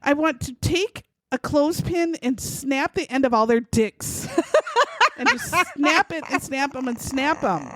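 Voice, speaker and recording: A woman's voice: sits high, expressive, unhurried, a bit bright, no room sound. A woman co-hosting a podcast, telling a crime story in casual chat with outraged, profane asides. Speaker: podcast co-host.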